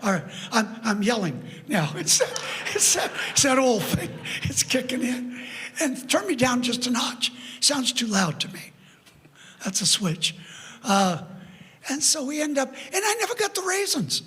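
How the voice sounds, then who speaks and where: High-pitched older male preacher, husky. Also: measured pace. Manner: animated, laughing storyteller. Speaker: guest preacher. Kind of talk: storytelling sermon. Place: church sanctuary. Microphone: PA microphone. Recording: church sanctuary with long reverb.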